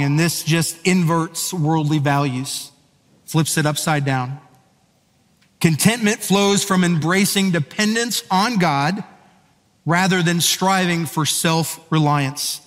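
A male pastor giving a sermon in a conversational, storytelling way, asking his listeners questions. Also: on the high side. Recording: echoey hall.

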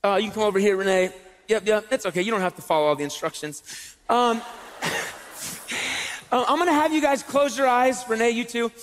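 A man's voice: high-pitched, a little fast, long pauses, a bit bright. A man doing comedic stage patter as an illusionist in a church, chatty and joking. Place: large church hall on stage. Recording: long reverb of a church hall.

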